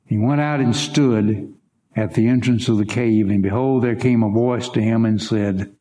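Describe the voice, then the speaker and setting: A man's voice: fairly even intonation, moderate pace, mellow, roomy sound. A man preaching a sermon, reading scripture dramatically and turning aside to speak to his congregation. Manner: dramatic reading with wide swings in pitch. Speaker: pastor.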